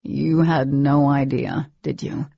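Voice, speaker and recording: Woman voicing a cocky young boyfriend, low and gravelly. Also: fairly even intonation, slow, no room sound, highs cut off, exaggerated voice. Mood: teasing. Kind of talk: audiobook character voice.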